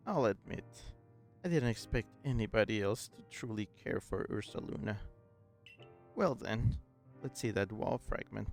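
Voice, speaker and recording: A man reading a stubborn quiet old woman. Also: fairly low pitch, expressive, normal speed, gravelly, soft background music, pitched below the performer's own voice. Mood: guarded. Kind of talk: reading game dialogue aloud.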